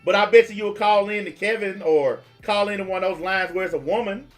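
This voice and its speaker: A man's voice: sits high, brisk, soft background music. A man, ranting bluntly and mockingly as a livestream host taking calls. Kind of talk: profane livestream rant.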